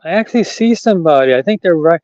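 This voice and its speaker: A man's voice: fairly high pitch, animated, fast talker, a little mellow, dry recording, lo-fi sound. A middle-aged man vlogging casually outdoors on a rural trail, rambling and chatty and laughing at his own jokes. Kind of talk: casual walking vlog.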